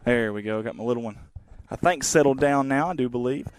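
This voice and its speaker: A man in his thirties giving casual, rambling live play-by-play of a softball game from the field outdoors. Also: mid-range voice, brisk, slight background noise. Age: 30s. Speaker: sports webcaster.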